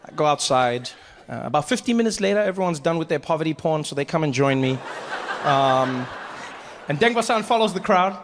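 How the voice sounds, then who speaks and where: Guy doing stand-up into a handheld mic, high voice, bouncing between characters. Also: brisk, in a large hall, slight background noise. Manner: animated, acts out voices, self-mocking. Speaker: stand-up comedian. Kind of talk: stand-up storytelling. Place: comedy stage.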